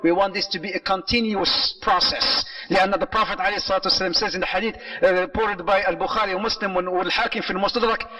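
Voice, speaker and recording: Male preacher, high bright voice, animated storyteller, recorded from a distance. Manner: animated storytelling, mixing Arabic phrases into English. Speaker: Islamic lecturer. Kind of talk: sermon-style lecture.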